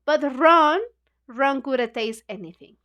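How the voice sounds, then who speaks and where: High-voiced woman slowly retelling a story. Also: pushed and bright. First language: Spanish. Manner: retells the story loosely with many "you know, like" fillers. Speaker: book club host. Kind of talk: casual book club retelling.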